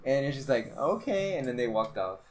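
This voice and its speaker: A man's voice: medium pitch, fast, slight background noise. Rambling young man telling stories. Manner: rambling storyteller, many fillers. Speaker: podcast co-host. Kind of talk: casual chat.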